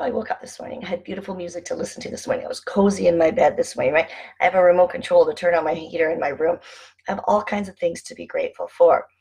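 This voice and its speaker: A woman's voice: lowish voice, vocal fry, slightly rough, low-quality recording. A woman giving a casual, frank motivational talk at home, chatty and blunt, swearing now and then. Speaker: host.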